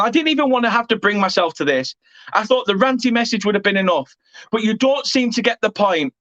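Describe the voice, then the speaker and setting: A man with an English accent who hosts a football fan channel delivers an angry rant to camera, swearing while repeatedly apologising. His voice sits high with a fairly bright tone, and the recording is dry with the highs cut off.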